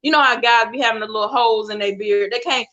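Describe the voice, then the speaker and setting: Bright, high-voiced woman teasing bluntly. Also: fast talker. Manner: blunt, teasing, frank about dating. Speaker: podcast guest. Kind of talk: casual live podcast banter. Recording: dull lo-fi stream audio.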